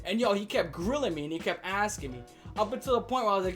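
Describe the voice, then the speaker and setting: A man in his late twenties telling a childhood story in a casual vlog rant, animated and profane, laughing and full of slang. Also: high-pitched, quick pace, faint music behind. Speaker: vlogger ranting about his childhood.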